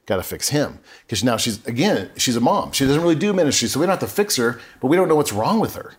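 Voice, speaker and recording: A man's voice: medium pitch, sing-song, quick pace. Earnest man telling his story. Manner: earnest and emotional, with frequent self-corrections. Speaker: podcast guest. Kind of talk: candid personal storytelling.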